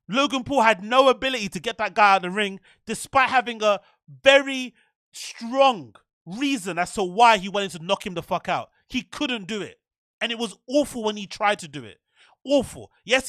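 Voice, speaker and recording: A man's voice: sits high, sharp tone, no room sound, studio quality. A man hosting a show, ranting in profane, exasperated bursts and repeating himself. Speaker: show host. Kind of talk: ranting commentary.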